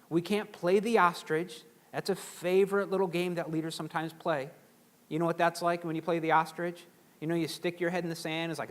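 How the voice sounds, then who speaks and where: A middle-aged man giving a motivational seminar talk to a live audience, animated and acting out quoted voices. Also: high voice. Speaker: seminar speaker.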